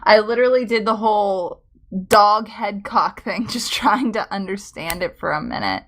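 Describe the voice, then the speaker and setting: A woman's voice: mid-range voice, animated, normal speed. A woman co-hosting a story reading, chatting casually and teasing her partner with frequent laughs. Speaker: co-host. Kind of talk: casual chat.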